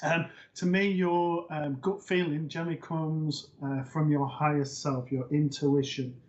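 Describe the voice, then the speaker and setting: A man hosting a live online psychic reading show, talking in a relaxed way with many fillers. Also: a little high, unhurried. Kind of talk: live-stream host talk. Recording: dull lo-fi stream audio.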